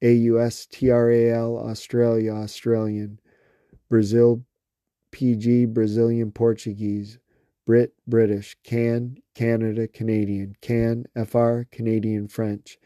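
A man slowly reading a long list of words aloud, one by one, with small slips and restarts. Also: medium pitch, little pitch movement, warm tone, no room sound, studio quality. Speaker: reader.

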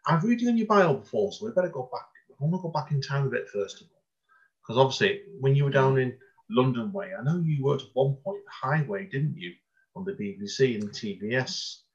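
A man's voice: mid-range voice, lively intonation, brisk, muffled recording. A man hosting a podcast interview over a video call, chatty and rambling, laughing often and interrupting himself. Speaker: podcast host. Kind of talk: casual interview chat.

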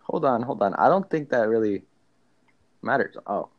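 A man's voice: medium pitch, animated, normal speed, dry recording, highs cut off. A teenage guy hosting a loose podcast chat among friends. His voice swings up and down a lot as he teases the others and breaks into frequent laughs. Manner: teasing, laughs often. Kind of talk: casual chat.

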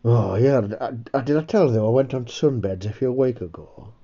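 Sweary man, dark voice. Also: medium pitch, moderate pace, muffled recording. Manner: sweary, rambling, self-mocking. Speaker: podcast host. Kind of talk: casual comedy chat.

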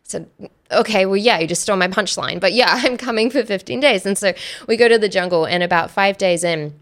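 A woman guest telling a personal story in casual chat, animated, acting out quoted dialogue and laughing often. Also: mid-range voice, a little fast. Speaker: podcast guest.

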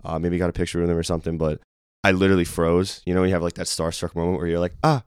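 A young man with a hoarse voice, co-hosting a casual sports podcast and rambling excitedly with many fillers. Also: sits low, racing, no room sound, clean studio sound. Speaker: podcast co-host.

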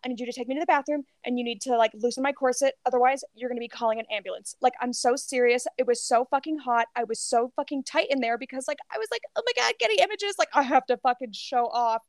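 A woman co-hosting a podcast, telling gossip in a lively casual chat, full of "like" and cursing. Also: a little high, quick pace, few pauses, dry recording. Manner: animated storytelling, heavy filler "like", swears freely. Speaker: podcast co-host.

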